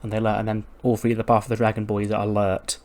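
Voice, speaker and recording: A man's voice: lowish voice, completely flat delivery, racing, a little mellow. A man narrating a wrestling game in a casual, chatty way, recapping scenes and chuckling often. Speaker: video game commentator. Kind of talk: casual let's-play narration.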